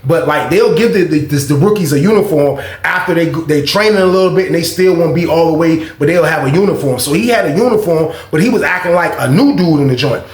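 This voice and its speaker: A man telling a personal story in a casual vlog, animated and profane, acting out both sides of the dialogue. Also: fairly high pitch, fast, hardly any pauses, echoey room.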